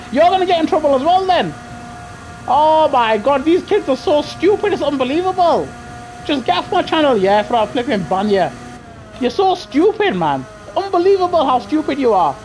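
A man's voice: very high voice, big pitch swings, normal speed, a little mellow, a little hiss or hum. A man streaming a racing game live, chatting to viewers casually in slang and repeating himself. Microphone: gaming headset.

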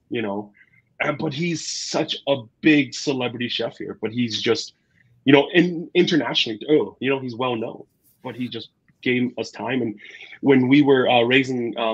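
A man's voice: medium pitch, moderate pace, slightly rough. A man, a chef and guest on a talk show, chatting casually and acting out the people in his stories, with many fillers. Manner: animated storyteller, acts out quotes, many fillers. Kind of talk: casual interview chat. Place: Twin Cities area. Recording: slightly dull, lo-fi sound.

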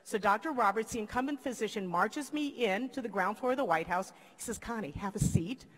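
An older woman from the Philippines giving a commencement speech, telling a lively story and acting out the voices of the people in it. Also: a little high, a little fast. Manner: lively, acts out quoted voices. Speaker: commencement speaker. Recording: long hall reverb.

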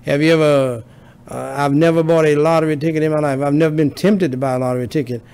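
A man's voice: a little high, fairly even intonation, fast, a little mellow, clean tone. A man preaching a sermon as pastor, building emphasis through repetition.

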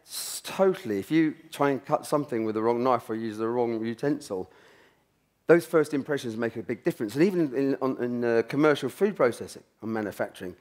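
A middle-aged man, telling a rambling story from his kitchen career at a symposium, often restarting his sentences. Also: medium pitch. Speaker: chef giving a talk. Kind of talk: anecdotal talk at a symposium.

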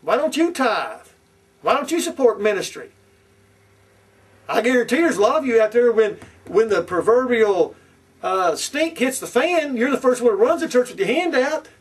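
A man's voice: extremely high pitch, very animated, moderate pace, breathy edge. A man preaching as a pastor, fiery and confrontational, repeating his points. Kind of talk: sermon. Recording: distant from the mic.

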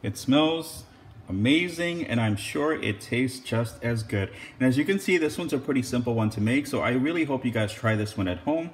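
A man's voice: mid-range voice, animated, moderate pace, roomy sound, a little hiss or hum. A young man hosting a casual cooking vlog, upbeat and chatty, with lots of ums and small laughs. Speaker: cooking channel host.

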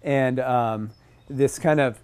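A man teaching a group about bird calls in a casual, animated way, sometimes mimicking bird chips. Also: medium pitch, takes it slowly, clear, resonant tone. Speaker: outdoor naturalist instructor.

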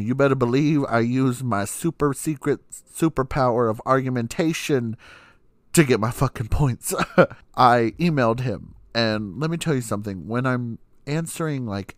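A man's voice: medium pitch, no echo, studio quality. Sassy, laughing young man telling a story. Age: young adult. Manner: animated, sassy and profane, laughing often. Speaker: podcast host. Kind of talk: casual storytelling.

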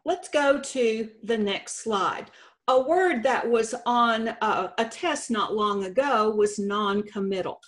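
Slow, deliberate woman teaching spelling rules. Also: fairly high pitch. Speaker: state spelling contest director. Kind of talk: instructional presentation.

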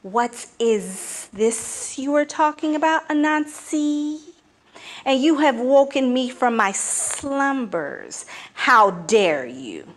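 A woman putting on a slow hissing proud python. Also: high-pitched, big pitch swings, pitched above the performer's own voice, full character voice. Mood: indignant. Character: hissing sleepy male python, proud and vain.

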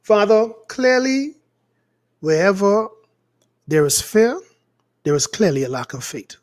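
Man, pastor, fervent sermon and prayer, fairly high voice, slows down on key words. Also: sing-song. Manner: fervent, rising and falling, stretches words for emphasis.

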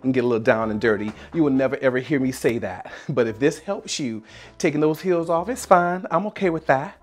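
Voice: mid-range voice, fairly quick, faint music behind. A dance instructor from South Carolina, leading a dance tutorial by counting beats aloud and scatting rhythms, with plenty of energy.

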